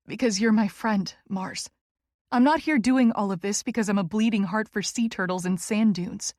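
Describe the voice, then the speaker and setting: A woman's voice: medium pitch, normal speed, a little mellow, no echo, studio quality. A woman narrating a first-person romance audiobook in an earnest, emotional way.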